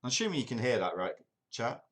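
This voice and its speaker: This English streamer talks fast, his medium-pitched voice swinging widely up and down. He plays a football management game live, chatting away to his audience and cracking self-deprecating jokes.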